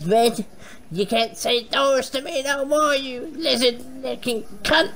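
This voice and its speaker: Woman let's play host, high voice, crude, excitable, constant cursing. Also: slow pace, creaky, few pauses, rough recording. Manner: foul-mouthed, yelling insults at the game; excitable, frequent panicked outbursts. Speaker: gaming channel host.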